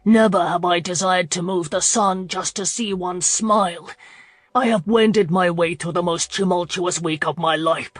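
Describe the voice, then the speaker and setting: A furious young duke demands and pleads with force, as a woman narrator reads his lines. The voice sits at a middle pitch. The sound is dry and close. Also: fairly bright tone, no room sound.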